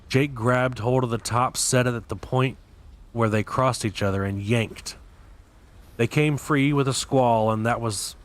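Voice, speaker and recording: A man reading a novel aloud as host of his channel, in a steady, deliberate way with occasional slips. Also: fairly low pitch. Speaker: audiobook reader.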